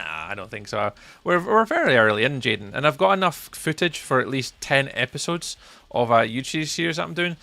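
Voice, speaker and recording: While live-streaming a game, this man from Scotland talks with his audience, replies to chat readers by name, and mumbles to himself during play. He has a medium pitch, vocal fry, and a sharp tone.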